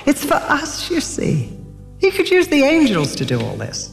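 A woman's voice: on the high side, normal speed. An older woman preaching a sermon, telling stories animatedly and acting out quotes. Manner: animated storytelling with acted quotes. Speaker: Christian speaker. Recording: long hall reverb with faint music.

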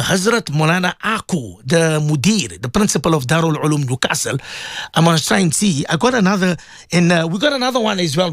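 A man's voice: on the high side, fairly bright tone, no echo, studio quality. A man presenting religious radio talk, praying and preaching fervently with repeated pleading phrases.

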